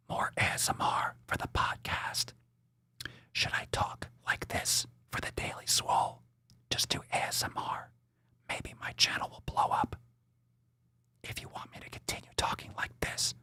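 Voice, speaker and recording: A man mimicking a female ASMR eater in a breathy whisper, a whispered role-play. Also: measured pace, long pauses, sharp tone. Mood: creepy whisper.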